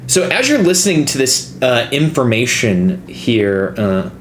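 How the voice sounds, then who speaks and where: A man's voice: mid-range voice, very animated, measured pace. A man running a tabletop game as game master, talking with hesitant fillers. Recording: echoey room with faint noise.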